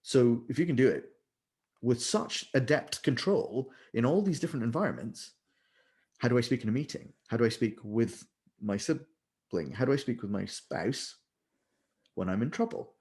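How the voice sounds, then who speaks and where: A man, a vocal leader, talking in an animated, explanatory way and now and then demonstrating with sung syllables. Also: mid-range voice, normal speed. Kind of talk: conversational interview.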